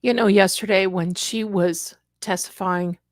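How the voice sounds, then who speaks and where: A woman hosting a casual livestream, talking in an animated, emphatic way and speaking straight to her viewers from an indoor room. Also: mid-range voice, unhurried, no echo, studio quality. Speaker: livestream host.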